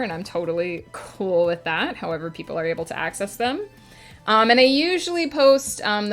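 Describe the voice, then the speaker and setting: A woman streaming a writing session, chatting casually with her audience and answering chat between filler words. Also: on the low side.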